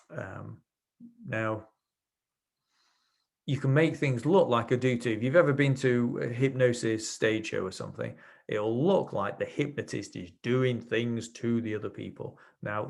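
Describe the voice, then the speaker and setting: Gravelly-voiced man teaching a webinar. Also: medium pitch, darkish tone. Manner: explanatory, anecdotal, with many restarts. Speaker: NLP trainer. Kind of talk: webinar lecture.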